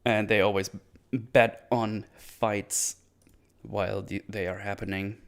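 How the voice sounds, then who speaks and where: A man's voice: on the low side, level tone, slow pace. A man casually recapping a martial arts film, rambling loosely and swearing now and then. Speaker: film reviewer.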